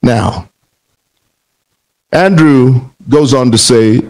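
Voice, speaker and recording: A man's voice: medium pitch, very slow, a little mellow, poor audio. A man from Zambia giving a heated reaction commentary, combative and rhetorical, repeating phrases for emphasis. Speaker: political commentator.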